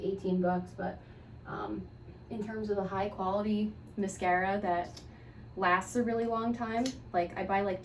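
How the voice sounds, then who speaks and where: A woman hosts her podcast while doing her makeup, chatting in a loose, offhand way and dropping wry little asides. Her voice sits at an ordinary middle pitch. She's set back from the mic in a roomy space, with a faint hiss underneath. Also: darkish tone, far from the mic. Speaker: podcast host. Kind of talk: casual rambling makeup tutorial. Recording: echoey room, voice away from mic, faint hiss.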